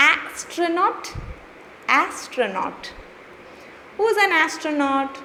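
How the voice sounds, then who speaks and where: A woman teaching young children a phonics lesson, patient and drawn-out, repeating each word. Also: high voice, fairly bright tone. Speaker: preschool teacher. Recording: faint hiss, long reverb room.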